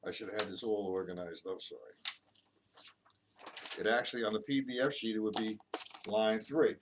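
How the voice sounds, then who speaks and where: A man teaching a casual drum lesson. He explains stick patterns, counts the beats out loud, and keeps correcting himself. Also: fairly low pitch, steady tone, normal speed. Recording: distant mic with loud drum noise.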